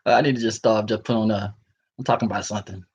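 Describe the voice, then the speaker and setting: A man's voice: fairly low pitch, fairly even intonation, fast talker, a little mellow, slightly rough. Sleepy man rambling, muffled recording. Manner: rambling, chuckling, slangy. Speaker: vlogger. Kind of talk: rambling casual monologue.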